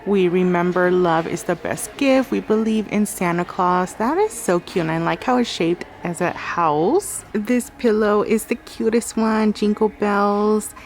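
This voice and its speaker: A woman's voice: medium pitch, a little slow, hardly any pauses, soft background music. A woman vlogging in a craft store, gushing over decorations and reading out signs and prices. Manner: gushing, chatty, reads out sign text and prices. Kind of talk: casual store walkthrough vlog. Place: inside a large craft store.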